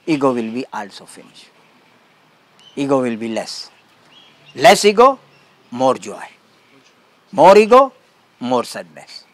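Slow, calm spiritual teacher, man. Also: mid-range voice, no room sound. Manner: simple broken English, repeats short phrases; calm, emphatic contrasts. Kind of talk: spiritual talk to a gathering.

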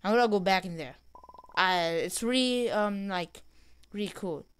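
Excitable woman narrating a game. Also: medium pitch, normal speed, smooth. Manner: reads game dialogue aloud, excitable. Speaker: gamer. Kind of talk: gameplay commentary.

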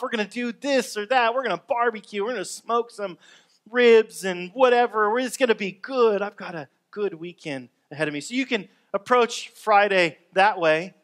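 Male pastor, high voice, chatty upbeat sermon delivery. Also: a bit bright. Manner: conversational, upbeat preaching with acted-out everyday complaints.

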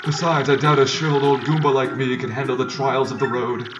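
A man's voice: mid-range voice, flat delivery, fairly quick, dull audio, background noise, close to an everyday voice. A man voicing a shriveled old male mushroom professor who lectures at length. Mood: lecturing. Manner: long-winded lecturing. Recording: distant mic with loud game music.

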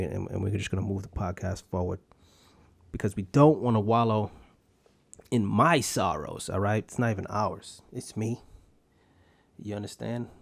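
A man's voice: on the low side, gravelly, darkish tone, no echo. A young man hosting a solo podcast, rambling bluntly with heavy swearing and street slang. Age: young adult. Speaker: podcast host.

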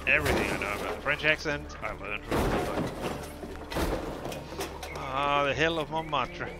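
A man's voice: medium pitch, normal speed, heavy background noise. A man giving rambling let's-play commentary, chatting through his game and yelping when he gets hit. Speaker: gameplay commentator. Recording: loud game music underneath.

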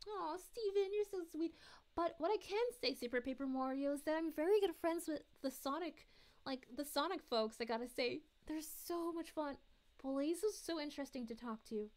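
A woman voicing a gentle, motherly cosmic princess, chatting sweetly and giggling as she reads chat messages on a live stream. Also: high voice, normal speed, lightly acted. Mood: cheerful. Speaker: VTuber streamer.

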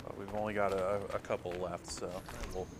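A man chatting casually about games, briskly steering the conversation along. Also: deep voice, little pitch movement, background noise. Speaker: game show host. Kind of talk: casual game chat.

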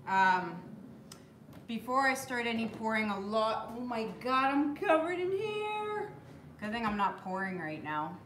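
Bright, lively woman chatting on a live stream. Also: on the high side, measured pace, roomy sound, a little hiss or hum. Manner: chatty, greets viewers by name, coos at her puppy. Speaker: acrylic pour artist hosting a live stream. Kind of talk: casual live-stream chat. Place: home room with the door closed.

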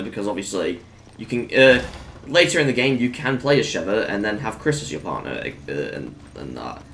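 A man giving casual gameplay commentary in a fairly low voice. His pitch swings widely as he bursts into excited exclamations between relaxed remarks. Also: a little hiss or hum. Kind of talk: casual let's-play commentary.

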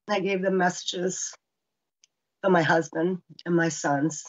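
A woman's voice: low-pitched, slightly rough, highs cut off. A woman in her fifties telling her own survival story earnestly, acting out what people said to her. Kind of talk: personal testimony.

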